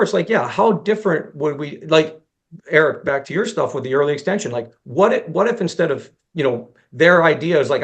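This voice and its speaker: Gravelly, higher-pitched man telling a story. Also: expressive, fairly quick. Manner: storytelling, acting out both sides of dialogues, self-deprecating, frequent restarts. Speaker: golf instructor presenting to fellow teachers. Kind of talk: conversational presentation with an extended story.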